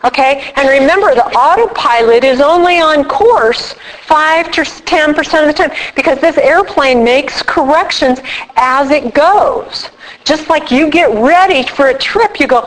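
A woman speaking casually at a recovery meeting, animated and acting out little quoted voices as she explains. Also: high voice, a little slow, rough recording. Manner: animated, acts out quotes with props. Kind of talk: casual workshop talk.

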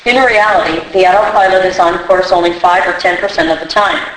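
A woman reading a daily reflection aloud in a measured, steady way. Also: fairly low pitch. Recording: far from the mic in a very echoey room.

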